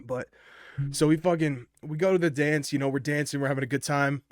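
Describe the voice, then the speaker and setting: A man's voice: on the high side, steady tone, brisk, no echo, studio quality. A young man casually telling a personal story, rambling and swearing a lot, full of fillers, wired on energy drinks. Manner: rambling and profane, with many fillers.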